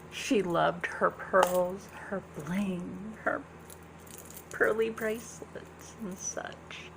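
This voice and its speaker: A woman vlogger chats her way through a makeup look, talking slowly with a low, gravelly edge to her voice. She is soft-spoken and slips into whispers now and then, with plenty of ums. A faint hiss of noise sits under the recording. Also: steady tone. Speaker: beauty vlogger. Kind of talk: casual makeup tutorial chat. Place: indoors at home.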